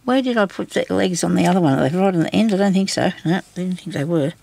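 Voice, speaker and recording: An Australian woman hosts a casual craft tutorial, chatting reassuringly and talking to herself as she works. Her gravelly voice runs low and dark at a quick pace, captured in a dry recording.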